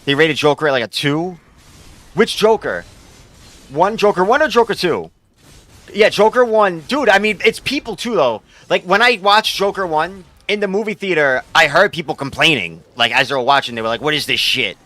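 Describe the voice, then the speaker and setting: A man's voice: high-pitched, animated, normal speed, bright, forceful tone, no echo. A young man, a game streamer rambling casually and profanely while he answers his chat.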